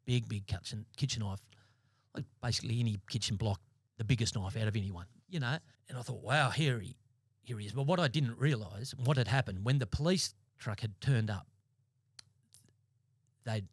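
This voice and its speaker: An Australian man in his fifties, a former police sergeant, telling his story as a podcast guest in a blunt, halting way with many restarts. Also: lowish voice, husky, no room sound, clean studio sound. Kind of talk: interview storytelling. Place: podcast studio.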